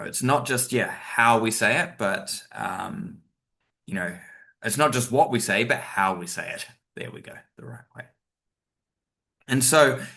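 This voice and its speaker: A man's voice: mid-range voice, sharp tone. A man giving a chatty webinar talk as a teacher trainer, with many fillers and asides, sometimes acting out example sentences. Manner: acts out stressed example sentences.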